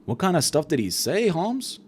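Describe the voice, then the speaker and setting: A man voicing a gruff middle-aged mob boss with a put-on Mexican accent. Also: fairly high pitch, sing-song, normal speed, a little mellow. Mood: menacing. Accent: Mexican Spanish accent, put on.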